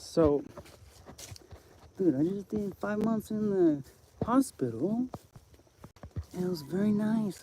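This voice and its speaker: A man's voice: sits high, noisy background. Rambling, swearing man on a live stream. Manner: rambling, profane, jumps between topics.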